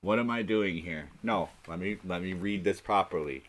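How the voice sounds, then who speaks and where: A man's voice: low-pitched, moderate pace, few pauses, fairly bright tone. A man hosting a solo podcast, rambling in a scattered, self-mocking way. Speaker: podcast host. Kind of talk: rambling solo comedy monologue.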